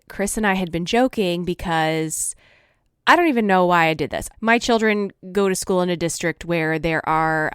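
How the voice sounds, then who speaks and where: A woman in her thirties co-hosting a podcast, telling stories in a relaxed, chatty way with easy laughs. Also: on the low side, smooth, dry recording, studio quality. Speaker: podcast co-host. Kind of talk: casual chat.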